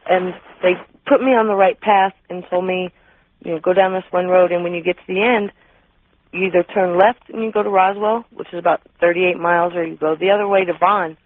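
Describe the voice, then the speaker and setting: A woman from New Mexico calling into a radio show, telling a story haltingly with ums. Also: lowish voice, fairly even intonation, dry recording. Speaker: caller. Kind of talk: phone-in call. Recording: tinny phone line.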